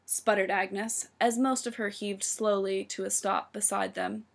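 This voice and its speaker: A woman narrating a story with a lively, expressive reading. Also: medium pitch, a little slow, gravelly.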